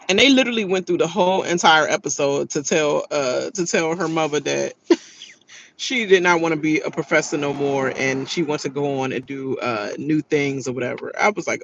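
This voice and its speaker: A woman's voice: low-pitched, normal speed, fairly bright tone, lo-fi sound, slight background noise. A woman giving a casual, slangy rant recapping a reality TV episode, laughing often as she talks.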